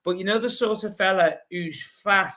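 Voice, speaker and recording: A man with a Scouse accent, a podcast guest telling a rambling, lively story full of fillers. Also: high-pitched, normal speed. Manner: lively, rambling, heavy with fillers like "you know". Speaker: podcast guest, long-distance runner. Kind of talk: casual anecdotal storytelling.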